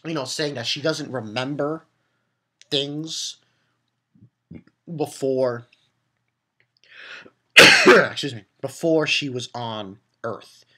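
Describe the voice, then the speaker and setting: Animated, ranting man reviewing a show. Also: medium pitch, slow pace, long pauses, husky. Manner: animated, profane, exasperated ranting; rambling with restarts and filler. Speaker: anime reviewer. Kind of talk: casual spoken episode review.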